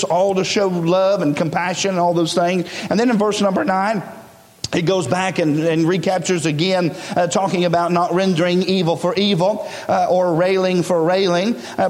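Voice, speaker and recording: Male preacher, high pitch, chatty sermon that swells into shouts, recorded in an echoing hall. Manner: conversational preaching with many fillers, rising to shouts.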